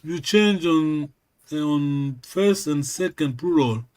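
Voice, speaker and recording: A man who speaks natively, teaching a lesson over a video call, slow and patient, often checking in with a quick "yes?". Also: on the high side, a little mellow. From Congo region, Kikongo-speaking village. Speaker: language teacher. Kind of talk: online language lesson.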